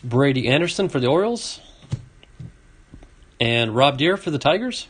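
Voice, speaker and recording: A man's voice: medium pitch, sing-song, normal speed, fairly bright tone, husky. A man hosting a casual card-opening video, reading off names and chatting to a viewer. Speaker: card collecting video host. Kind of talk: casual box-opening commentary.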